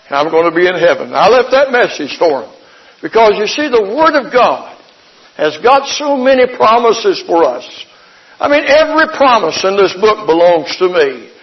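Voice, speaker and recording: High-voiced folksy preacher. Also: male voice. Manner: folksy storytelling, rising into fervent proclamation. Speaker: pastor. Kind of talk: preaching a sermon. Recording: dull lo-fi sermon recording.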